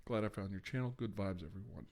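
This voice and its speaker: Stream host, male, low voice, easygoing chat with viewers. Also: fast talker. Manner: relaxed, chatty, reads out chat messages. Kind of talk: casual live-stream chat.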